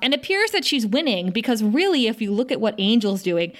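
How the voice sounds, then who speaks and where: A woman's voice: on the high side, very animated, fairly quick. A woman co-hosting a casual podcast, enthusiastically recapping a TV episode in a chatty, restart-filled way. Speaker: podcast co-host.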